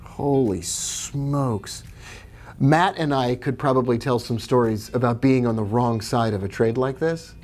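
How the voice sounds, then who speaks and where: A man's voice: medium pitch, a little slow, a little mellow. A man hosting a live trading stream, chatting casually, reading viewer questions and greeting them by name as he walks through charts.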